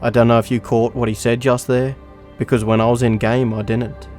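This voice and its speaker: A man's voice: mid-range voice, level tone, brisk, darkish tone. A young man telling a gaming story as a scripted voice-over, in a mid-range voice. His delivery is dry and matter-of-fact, with light music underneath. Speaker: gaming channel narrator.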